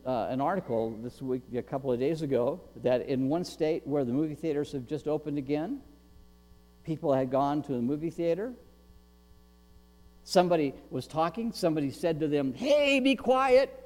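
A man preaching a sermon as pastor, animated, acting out a shouting crowd and pleading beggars. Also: fairly high pitch. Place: church sanctuary. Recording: long reverb with mains hum.

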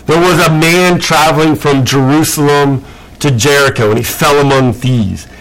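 A man teaching a Bible class in a casual, animated way, asking many rhetorical questions and using lots of fillers. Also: fairly high pitch, normal speed, rough recording.

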